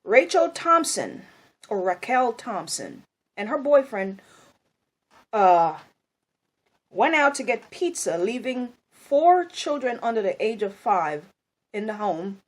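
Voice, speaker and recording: A woman's voice: fairly high pitch, sing-song, slow pace, long pauses. A woman speaking in a blunt, scolding monologue, angry and firing off rhetorical questions. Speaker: video commentator.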